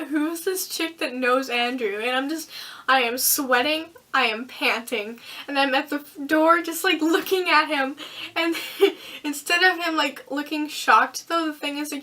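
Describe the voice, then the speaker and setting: Teen girl chatting to camera, high voice, giggly and breathless, mic a little far off. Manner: animated, giggly, breathless retelling with many fillers. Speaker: vlogger. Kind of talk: casual storytime vlog.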